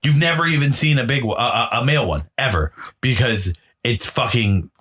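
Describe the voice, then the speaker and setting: A man's voice: mid-range voice, brisk, a bit bright, breathy edge. A man co-hosting a podcast, eagerly explaining facts in casual, profane chat. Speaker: podcast co-host. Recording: hissy noisy recording.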